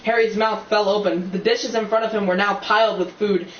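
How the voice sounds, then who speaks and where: The mid-range voice is flat and brisk as this amateur narrator reads a novel aloud, sometimes stumbling and starting over and tossing in chatty remarks. It's captured in a dull, roomy, distant recording with faint hiss.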